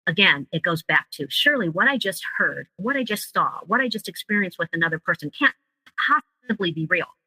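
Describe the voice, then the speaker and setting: A woman's voice: fairly low pitch, expressive, a little fast, pushed and bright, husky, dry recording, poor audio. A woman guest telling her own story in an interview, emotional and vivid, acting out the words of others as she recounts them. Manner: emotional storytelling, acts out quoted dialogue. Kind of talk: personal account in an interview.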